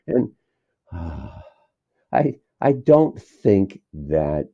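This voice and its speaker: A man's voice: low-pitched, very animated, extremely slow, husky, no room sound. A man being interviewed as a documentary filmmaker, talking in a rambling, digressive way and chuckling between thoughts. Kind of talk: casual interview talk. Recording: dull lo-fi dry sound.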